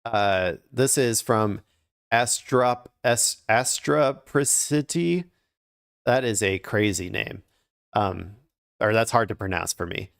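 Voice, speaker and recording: Rambling low-voiced male streamer. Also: fairly even intonation, slow pace, creaky, fairly bright tone, no echo, clean studio sound. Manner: rambling, hesitant, many fillers and restarts. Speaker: streamer and news commentator. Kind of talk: casual live news commentary.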